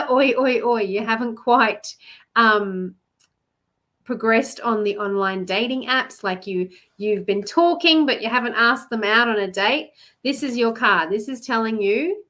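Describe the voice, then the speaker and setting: A chatty Australian woman, a love coach and card reader, does a live love reading, greeting viewers by name and laughing often. Her voice is fairly high and a bit bright.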